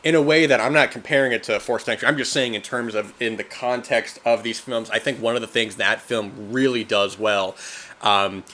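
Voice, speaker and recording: Hosting a film podcast at a normal speed and medium pitch, a man reviews in a casual, meandering way. He says "man" a lot and livens up when imitating reactions.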